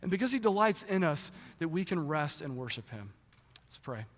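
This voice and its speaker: A young adult man, a pastor, delivering a sermon in a lively, conversational way in a church. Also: fairly high pitch, moderate pace. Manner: animated, conversational preaching. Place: church sanctuary. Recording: long church hall reverb.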